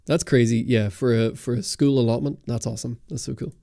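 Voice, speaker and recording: On a livestream Q&A, a young male camera channel host from Ireland and Britain reads out chat and talks casually, rambling with lots of ums and restarts. He speaks briskly in a steady, mellow, medium-pitched voice with vocal fry. A studio dynamic mic delivers studio-quality audio without room sound.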